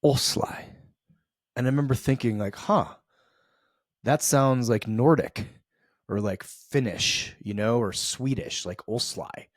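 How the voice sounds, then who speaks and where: A man's voice: medium pitch, moderate pace, dry recording, studio quality. A middle-aged man from the US East Coast hosting a podcast, telling a reflective story in a loose, conversational way with many fillers and restarts. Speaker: podcast host.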